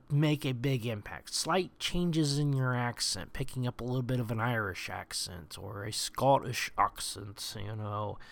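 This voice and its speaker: A man hosting a show, talking through roleplaying tips in a chatty, rambling way, with lots of "you know" and "uh". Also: medium pitch. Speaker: podcast host giving roleplaying tips. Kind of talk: casual tips monologue.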